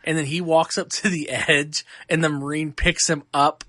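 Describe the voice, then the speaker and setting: A man hosting a podcast, giving a casual and animated movie review full of fillers and restarts. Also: fairly high pitch, normal speed, no echo, clean studio sound. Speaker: podcast host.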